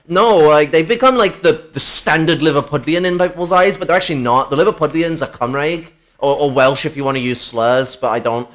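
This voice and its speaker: A man's voice: on the high side, brisk, hardly any pauses, a bit bright. A man from England in casual podcast chat, swearing often, laughing and rambling with many fillers.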